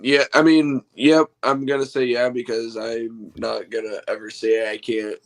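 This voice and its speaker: Guy rambling away excitedly as a stream guest, regular mid voice. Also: medium pitch, a little slow, rough recording. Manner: rambling, excitable fan talk. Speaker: guest wrestler. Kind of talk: casual podcast chat. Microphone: remote call mic.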